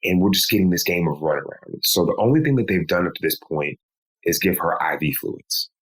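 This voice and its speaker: A man, a podcast guest, recounting a painful personal story in a slow, measured way. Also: sits low, animated, fairly bright tone, breathy edge, rough recording. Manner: slow, measured telling with pleading quoted lines.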